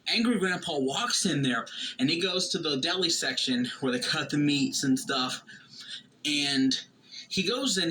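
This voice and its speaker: A man casually retelling a family anecdote, lively and anecdotal. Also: a little high, a little hiss or hum, low-quality recording. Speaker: storyteller. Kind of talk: casual storytelling.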